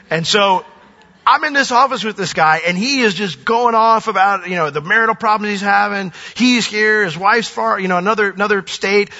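Brief: animated male preacher, somewhat high and bright, booming hall reverb. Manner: animated, acts out quoted voices. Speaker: pastor. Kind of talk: sermon. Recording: dull recording with long hall reverb.

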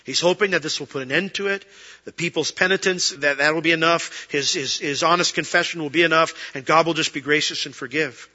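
A middle-aged pastor preaching in a casual, conversational way, acting out quoted prayers and excuses. His voice is bright and edgy, sitting a bit high for a man. The sound is dull and carries a long hall reverb. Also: fairly quick. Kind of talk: sermon.

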